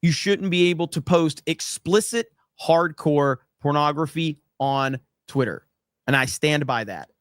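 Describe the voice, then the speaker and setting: Brash American male host, slightly high voice, dry close sound, swears freely. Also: measured pace, smooth, no room sound. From United States. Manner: brash, profane, emphatic. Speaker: podcast host reading super chats. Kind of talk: casual livestream chat.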